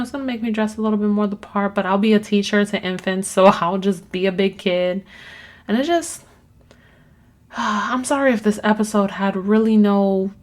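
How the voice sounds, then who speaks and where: Woman podcast host, candid rambling monologue, casual swearing, mid-range voice. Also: medium pitch. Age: adult with children.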